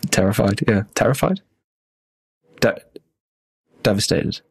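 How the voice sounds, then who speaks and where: A man's voice: low voice, fairly even intonation, a little fast, husky, no room sound. A man co-hosting a podcast, chatting casually and rambling with fillers. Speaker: podcast co-host.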